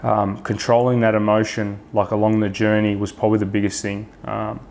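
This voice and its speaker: A man's voice: fairly low pitch, level tone, a little fast, creaky, a little mellow, slight background noise. A man with an Australian accent, a podcast guest talking frankly in casual chat, swearing freely and restarting his sentences often.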